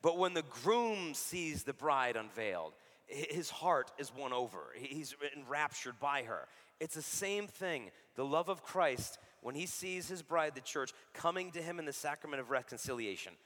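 A man's voice: fairly high pitch, big pitch swings, normal speed, a bit bright. A man in his thirties giving a casual, joking sermon-style talk, saying dude a lot as he speaks about faith. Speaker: Catholic speaker. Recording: reverberant hall.

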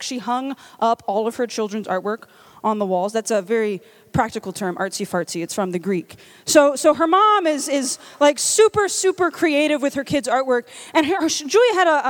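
A woman from Louisiana tells a funny story as part of a church talk, chatty and self-mocking. Her voice is high and swings widely in pitch. She fills her speech with casual "like"s. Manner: animated, self-deprecating, chatty with many "like"s. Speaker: church speaker. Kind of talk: comedic storytelling sermon.

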